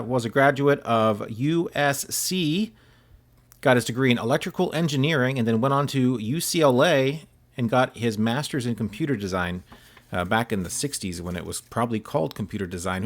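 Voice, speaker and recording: A man's voice: mid-range voice, moderate pace. A man vlogging about his sports card mail, talking casually with lots of filler words and wry, self-deprecating humor. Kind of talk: casual chat while opening mail.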